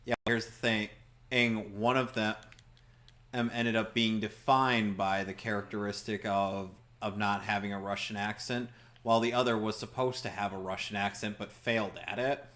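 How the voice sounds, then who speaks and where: A man's voice: fairly low pitch, flat delivery, moderate pace, fairly bright tone. Wry, sarcastic man playing a game. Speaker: gameplay commentator. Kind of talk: casual let's-play chat.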